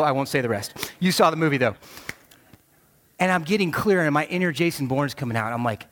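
A man in his thirties preaching a sermon, telling a personal story with animated quoted voices. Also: on the high side, fairly quick. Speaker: pastor. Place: large church auditorium. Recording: long hall reverb.

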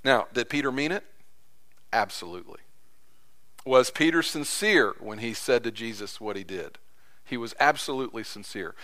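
A man's voice: medium pitch, expressive, normal speed, pauses often, bright, forceful tone. A man preaching a sermon as pastor in a conversational way, repeating phrases for emphasis.

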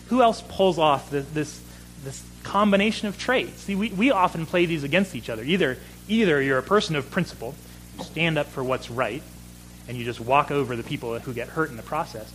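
A man's voice: fairly high pitch, fairly bright tone, rough recording. Man in his thirties delivering a sermon, earnest, builds emphasis, faint background hum. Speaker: pastor.

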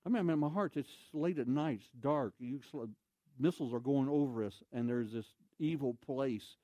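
A man telling a story in a sermon as an evangelist, animated, with loud exclamations and quoted voices. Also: mid-range voice, normal speed, no echo.

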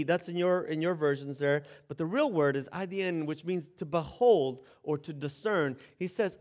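A man's voice: on the high side, expressive, moderate pace, hardly any pauses, a little mellow. A man preaching a sermon in a conversational way, joking about himself and often restarting phrases. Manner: conversational, self-deprecating, with laughs and restarts. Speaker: pastor.

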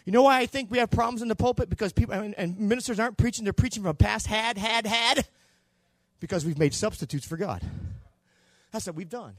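A man preaching a sermon in a church, swinging between loud shouting and quieter low passages. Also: brisk, no echo, studio quality. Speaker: pastor.

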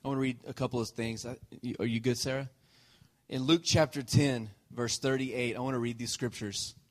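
Male pastor, relaxed sermon delivery, playful with the congregation. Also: mid-range voice, fairly quick. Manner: joking, checks in with the congregation. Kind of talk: conversational sermon.

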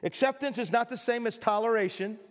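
A high-voiced pastor delivers a sermon to his congregation in a loose, chatty style, acting out little everyday scenes to get laughs. He speaks fairly quickly, and the long reverb of a church hall rings around his words.

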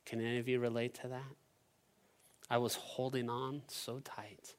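Middle-aged guy preaching, chatty and animated story mode, ordinary mid voice. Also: mid-range voice, normal speed. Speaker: pastor. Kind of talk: sermon storytelling.

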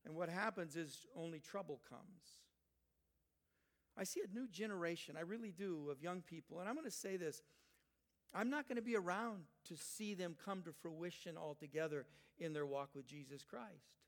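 Older male pastor, high emphatic voice. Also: moderate pace. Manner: emphatic, rising loud when quoting, dropping soft for asides. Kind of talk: sermon.

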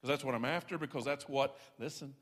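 A man's voice: medium pitch, fast talker, a bit bright. A man preaching a sermon, folksy and self-deprecating, stressing points with repeated emphasis. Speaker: pastor. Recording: long reverb of a large hall.

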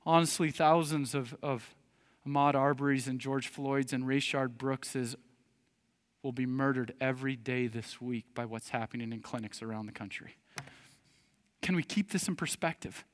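A man preaching a sermon, emphatic, rising to loud appeals and dropping to quiet earnest asides. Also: medium pitch, steady tone, moderate pace. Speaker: pastor. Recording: long hall reverb.

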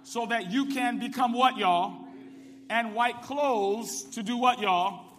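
A male pastor preaching a sermon from the pulpit, calling on the congregation to answer back and building up to shouts. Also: extremely high pitch, slow, long reverb tail. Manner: call-and-response preaching, rising to shouts. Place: church sanctuary. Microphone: microphone with ring.

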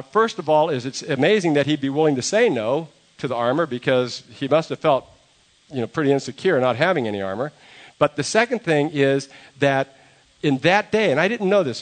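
A man preaching a sermon, telling a story in a relaxed, conversational way and acting out the quoted lines. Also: a little high. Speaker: pastor.

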